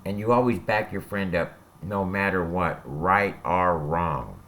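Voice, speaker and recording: A man with a low voice and a fairly bright tone relates prison experiences at an unhurried pace, with slight background noise. Once incarcerated himself, he tells it casually, bluntly and with plenty of swearing, often pausing to say "all right?"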